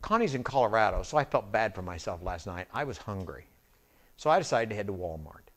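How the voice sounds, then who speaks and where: A man's voice: on the low side, expressive, fairly quick, a bit bright. A man preaching as pastor at a church service. He tells a personal story in a loose, conversational way, with asides to the congregation and a habit of tacking on "and everything else.". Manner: repeats filler phrase "and everything else". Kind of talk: storytelling sermon.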